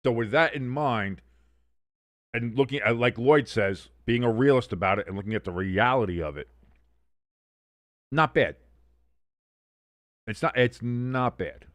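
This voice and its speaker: A man's voice: mid-range voice, measured pace, pauses often, fairly bright tone, no room sound. Casting: male streamer-host, rambling and profane, casual game calls, dry close sound. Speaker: watch-along streamer and host. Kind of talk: casual live game commentary.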